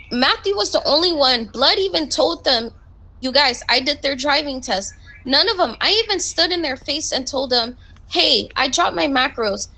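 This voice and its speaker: A roleplay police recruit confronts her superior over game voice chat, her complaints heated and argumentative as she stays in character. She has a high, bright, forceful voice, captured in a rough recording.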